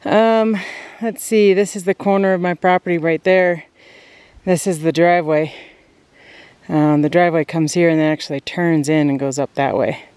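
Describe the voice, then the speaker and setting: Hiking up a snow-covered mountainside, this vlogger talks directly to viewers about their land in a relaxed walk-and-talk, panting from the climb and often breaking into laughter. The medium-pitched, darkish voice keeps a steady tone at normal speed, and the recording is clean with no echo.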